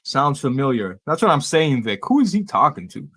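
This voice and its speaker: A man's voice: medium pitch, big pitch swings, a bit bright, husky, no echo, studio quality. A man hosting a casual podcast chat. He swears freely and tells stories about himself with a self-mocking edge. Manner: swears freely, quick self-deprecating storytelling. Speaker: podcast host and streamer.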